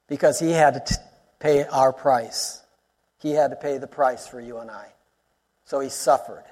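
High-voiced man preaching in a hall. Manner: animated, rising to exclamations, quick asides. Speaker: pastor. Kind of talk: sermon teaching.

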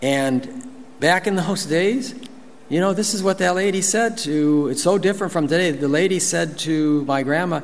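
Folksy pastor preaching in a reverberant hall. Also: male voice, fairly high pitch, moderate pace. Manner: folksy, storytelling, many asides. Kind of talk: conversational sermon.

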